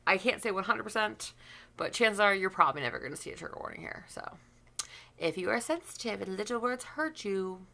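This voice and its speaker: A woman's voice: medium pitch, lively intonation, brisk, vocal fry, sharp tone. A woman YouTuber giving a blunt, profane opinion rant to camera, rambling with restarts.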